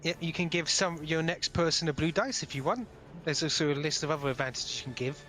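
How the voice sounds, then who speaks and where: A man's voice: a little high, fairly even intonation, fast, pushed and bright, faint music behind. A man running a tabletop game as game master, directing the players and narrating the action.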